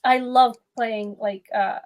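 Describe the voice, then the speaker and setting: A woman's voice: fairly high pitch, fairly even intonation, slow, highs cut off. A woman chatting as a guest on a livestream, easygoing and self-deprecating. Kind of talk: casual chat.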